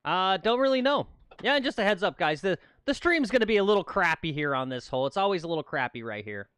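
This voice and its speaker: Lively, chatty man on a golf course. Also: high-pitched, quick pace, clean tone, dry recording, clean studio sound. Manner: upbeat, chatty, laughs often. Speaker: golf livestream co-host. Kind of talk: casual on-course chat.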